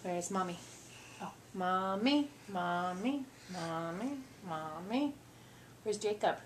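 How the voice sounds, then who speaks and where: A woman's voice: lowish voice, animated, takes it slowly, a little hiss or hum. A mother talking in playful, coaxing baby talk with her toddler, often laughing. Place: family home.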